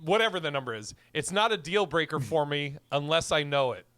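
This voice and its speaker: Bright, high-voiced man cohosting casually. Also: brisk, no room sound. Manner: swearing, laughing, acts out voices in anecdotes. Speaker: podcast co-host. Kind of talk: casual chat.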